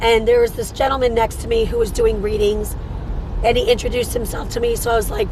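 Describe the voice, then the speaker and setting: Woman medium chatting from her car, kinda high voice, rambles and repeats stuff, faint road noise. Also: steady tone, fairly quick. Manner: rambling, repeats phrases for emphasis. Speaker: psychic medium and show host. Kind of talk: casual spoken storytelling.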